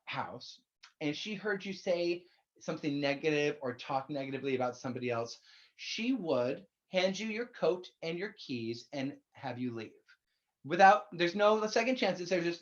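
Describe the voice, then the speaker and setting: Blunt, chatty minister preaching; plain middle pitch, muffled low-fi recording. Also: lively intonation, normal speed. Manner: candid, blunt, swears casually; conversational, addresses listeners directly. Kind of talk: sermon.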